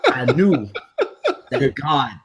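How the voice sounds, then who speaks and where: Podcast guy telling a wild story, pitch all over the place, swears a lot, does little voices for everyone. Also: slow pace, dull audio, a crowd in the background. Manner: animated, profane, acts out voices. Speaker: podcast co-host. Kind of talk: casual storytelling.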